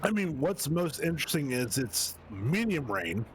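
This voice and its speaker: A man commentating a sim race in a casual way, laughing and thinking out loud, with hiccups. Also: a little high, a little slow, slight background noise. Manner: relaxed, laughing, thinking aloud with restarts.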